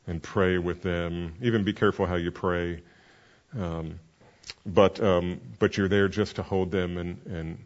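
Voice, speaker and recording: A man's voice: low-pitched, dull audio. A man who is a pastor and counseling mentor, teaching a class in an earnest, conversational way with many fillers.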